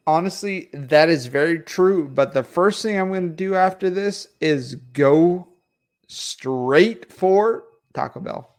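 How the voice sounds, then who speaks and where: Brief: male stream host, fairly high voice, blunt and profane, casual. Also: slow pace. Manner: ranting, swears freely, laughs often. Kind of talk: casual livestream chat.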